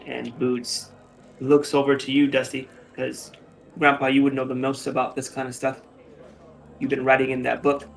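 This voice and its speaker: A man with a gravelly, mid-range voice narrates a tabletop game as game master at a moderate pace, relaxed and full of fillers.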